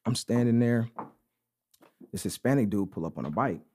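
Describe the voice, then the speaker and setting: A man's voice: fairly low pitch, moderate pace, breathy edge. A young adult man co-hosting a podcast, telling a story in slangy casual chat and saying "bro" often. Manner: slangy, animated anecdote telling with repeated "bro". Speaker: podcast co-host.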